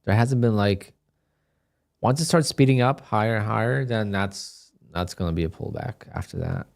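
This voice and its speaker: A man with a fairly low voice talks loosely through a live day-trading stream. His delivery is relaxed and chatty, and he drifts between market remarks and answers to viewer questions. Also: moderate pace, gravelly. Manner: laid-back, chatty, reads chat questions aloud. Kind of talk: casual live-stream chat.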